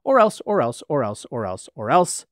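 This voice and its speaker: An unhinged AI chatbot, put on by a man, pleads and threatens in melodramatic, repetitive bursts. The delivery is quick with a wide, lively pitch. The recording is dry and close. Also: no echo. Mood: cold menace. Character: unhinged AI chatbot, swings from groveling to menacing.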